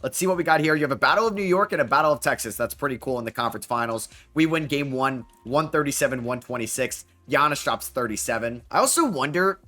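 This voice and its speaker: Bright-voiced excitable young man gaming. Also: mid-range voice, fast, hardly any pauses. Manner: excitable, groans and yells at the game. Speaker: gaming YouTuber. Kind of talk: game commentary while playing.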